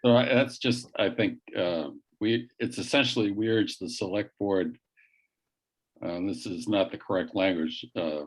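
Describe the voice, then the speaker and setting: Man, committee member, low voice, thinking aloud, halting delivery. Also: poor audio. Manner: thinks aloud, drafting wording with fillers. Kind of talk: casual meeting discussion.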